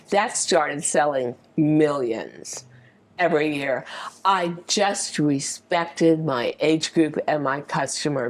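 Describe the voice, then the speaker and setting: Older american woman in an interview, talks slow, tells her stories with lots of life and does the voices of people she quotes. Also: low-pitched. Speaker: interview guest. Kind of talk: storytelling in an interview.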